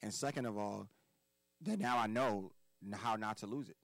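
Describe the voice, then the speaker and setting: Man, low-pitched voice, from Philadelphia, podcast guest, preachy and emphatic, swears a lot, dry studio sound. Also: normal speed, a bit bright, dry recording, poor audio. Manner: emphatic, profane and preachy, repeats key words. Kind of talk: casual podcast conversation.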